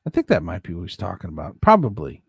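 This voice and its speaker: Gravelly, lively man hosting a chat stream. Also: low-pitched, quick pace, no echo. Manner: rambling, joking, laughs often. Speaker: livestream host reading chat. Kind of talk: casual chat.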